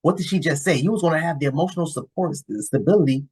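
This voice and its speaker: A husky-voiced man talks straight at his viewers in a casual reaction video. He is blunt and swears freely, circling back through restarts as he makes his point. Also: fairly high pitch, quick pace. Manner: blunt, cursing, rambling with restarts. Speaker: YouTube commentator reacting to a clip.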